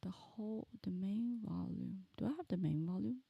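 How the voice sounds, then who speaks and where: A woman's voice: mid-range voice, moderate pace, vocal fry, slightly rough, no echo, highs cut off. A woman game streamer chatting casually on a live stream, thinking aloud and muttering to herself as she fiddles with her audio settings.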